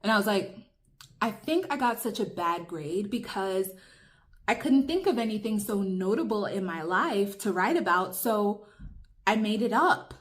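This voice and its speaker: A woman's voice: mid-range voice, animated, measured pace. Chatty young woman telling a story. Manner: emphatic, chatty, addresses viewers. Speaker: vlogger. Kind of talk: casual storytime while eating.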